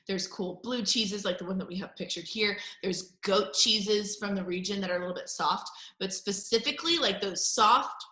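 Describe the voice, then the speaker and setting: A woman's voice: mid-range voice, bright, forceful tone, reverberant. A woman talking casually about wine and cheese pairings, chatty and full of filler words. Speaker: wine bar general manager. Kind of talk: casual wine and food chat.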